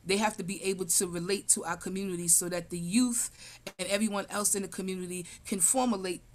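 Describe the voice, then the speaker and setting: A woman's voice: medium pitch, steady tone, fast. A woman running for city council, answering interview questions over a video call in a rambling way, full of fillers and restarts.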